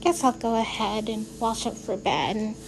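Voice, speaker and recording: A woman reading aloud, voicing a gentle teenage girl who is slowly losing her sight, soft and thoughtful. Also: fairly high pitch, gravelly, slight background noise, low-quality recording.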